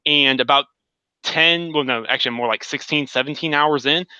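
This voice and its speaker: A man's voice: fairly high pitch, normal speed, clean tone, no echo, muffled recording. A man co-hosting a casual gaming podcast, telling stories with enthusiasm and acting out quotes. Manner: enthusiastic, animated storytelling with acted quotes. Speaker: podcast co-host.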